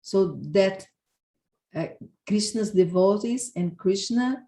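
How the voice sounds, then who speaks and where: A woman gives a devotional class talk, telling her story slowly. She laughs and often halts and restarts, and her voice rings in an echoey room. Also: medium pitch, lively intonation, mellow. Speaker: devotional speaker.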